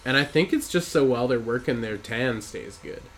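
A man's voice: mid-range voice, animated, normal speed, a little hiss or hum. A man co-hosting a podcast in casual chat, rambling and laughing through crude banter. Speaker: podcast co-host.

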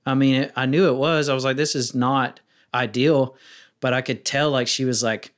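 A man talks loosely on a podcast, his voice sitting at an ordinary middle pitch. He rambles a little and jumps into brighter, livelier tones when he acts out the questions he asks people. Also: fairly even intonation, moderate pace. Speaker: wedding filmmaker guest. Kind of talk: casual podcast interview.

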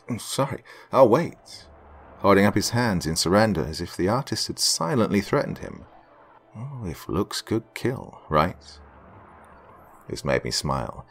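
Deep, animated male storyteller for first-person fiction. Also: vocal fry. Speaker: narrator.

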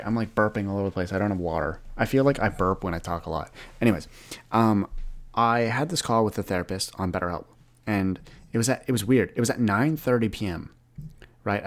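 Guy in his 20s rambling thru a solo podcast, kinda low voice, trips over his words. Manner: rambling, earnest, often restarts and repeats words. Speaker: podcast host. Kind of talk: casual solo podcast monologue.

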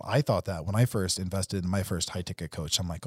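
A man co-hosting a podcast, making a punchy, persuasive case with a husky voice. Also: low voice, fast, darkish tone, dry recording, clean studio sound. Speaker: podcast co-host, coach. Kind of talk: casual podcast chat.

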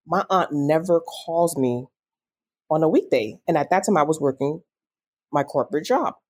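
A woman's voice: low-pitched, moderate pace. A young adult woman as an interview guest, telling a personal story with feeling and acting out quoted dialogue. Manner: emotional, animated retelling with quoted dialogue.

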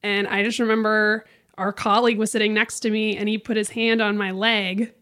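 A young woman guest telling a story in casual chat, blunt and animated, full of "like". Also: mid-range voice, fairly quick. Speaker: podcast guest.

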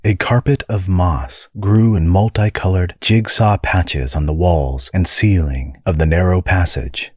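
Deep-voiced man narrating a story. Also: slightly rough, dry recording. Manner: measured, steady storytelling. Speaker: audiobook narrator. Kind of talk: scripted narration.

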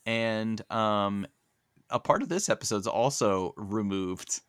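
A man hosting a podcast, casually recapping a cartoon episode with animated, joking storytelling. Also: lowish voice, slow, smooth, no echo, studio quality. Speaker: podcast host.

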